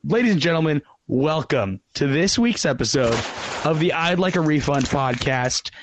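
A man's voice: on the high side, lively intonation, moderate pace, music in the background. A man co-hosting a live podcast from a phone call, chatting casually and joking with his co-hosts. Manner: joking, easygoing banter. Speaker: podcast co-host.

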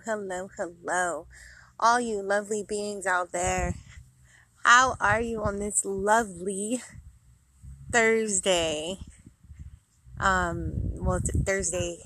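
A woman's voice: medium pitch, pushed and bright. A woman in her thirties hosting a podcast, chatting casually and rambling with many fillers, a little out of breath, recorded outdoors at a park. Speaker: podcast host. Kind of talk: casual chat.

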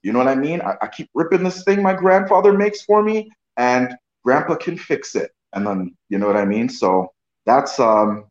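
A man's voice: mid-range voice, big pitch swings, brisk. A man, an actor guest, telling a casual story with many restarts and repeated "you know what I mean.". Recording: roomy, dull lo-fi sound.

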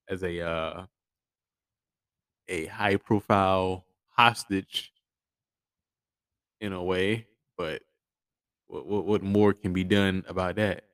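A man's voice: sits low, a bit bright, clear, resonant tone, no room sound. A man hosting a podcast with blunt, profane commentary, frequent stammered restarts. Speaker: podcast host. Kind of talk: casual solo commentary.

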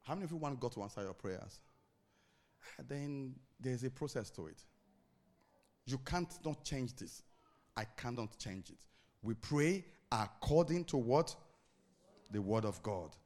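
Speaking at medium pitch with a darkish tone, this pastor is expressive yet measured, leaving long pauses. His sermon circles back to key phrases, and he poses call-and-response questions for the congregation to answer.

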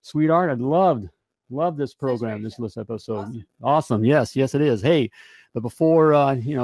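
An upbeat male podcast host rambles through his sign-off, full of fillers. His voice sits at an everyday pitch. The sound is dry and close, with little room echo. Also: moderate pace, darkish tone, soft background music. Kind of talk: casual show wrap-up.

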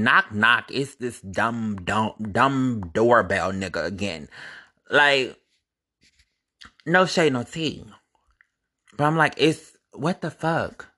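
A young man telling a personal story in a casual, animated, profane and gossipy way, vlog style. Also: medium pitch, slow pace, pauses often.

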